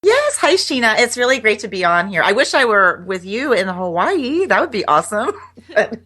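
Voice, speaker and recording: A woman's voice: on the high side, sing-song, moderate pace, bright, forceful tone. A middle-aged woman guest chatting casually in an interview, laughing often and restarting her sentences. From United States.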